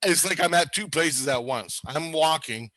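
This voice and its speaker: A man telling a wild story in casual chat, rambling and swearing, laughing and acting out voices along the way. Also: moderate pace. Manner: animated, laughing, acts out voices with big pitch jumps. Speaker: storyteller recounting experiences.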